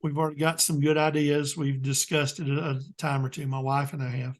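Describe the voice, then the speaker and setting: A man's voice: on the high side, flat delivery, a little fast. A man with a Southern US accent, chatting as a guest expert in an interview, plain-spoken and rambling with lots of "um"s. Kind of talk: casual interview chat.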